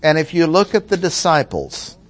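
A man's voice: on the high side, big pitch swings, normal speed. A man teaching through a Bible passage verse by verse, stressing key words with plain-spoken asides. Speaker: preacher.

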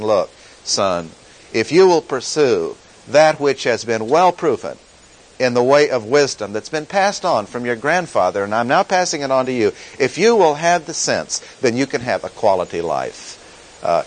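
A man teaching through a Bible passage in a sermon, deliberate and emphatic, repeating key phrases. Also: medium pitch, poor audio. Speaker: pastor teaching.

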